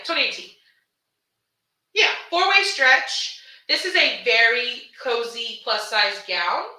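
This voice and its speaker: A woman from Houston talks through her gowns on a livestream, lively and affectionate, calling viewers baby and honey. Her voice is bright and a little high. She sounds set back from the mic in a very echoey room. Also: distant mic. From Houston, Texas. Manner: animated, chatty, calls viewers baby and honey. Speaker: fashion designer selling her gowns on a livestream. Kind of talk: casual livestream sales chat.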